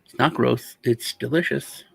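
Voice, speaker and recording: A man hosting a casual chat, a rambling, animated storyteller. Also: medium pitch, measured pace, gravelly, slightly rough. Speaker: host.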